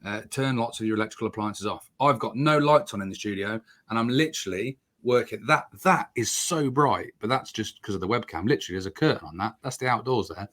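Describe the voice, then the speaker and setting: A man's voice: fast, few pauses, a bit bright. Playful, teasing man hosting. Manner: teasing, playful, jumps up in pitch for jokes. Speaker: podcast co-host. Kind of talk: casual chat. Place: dark home studio.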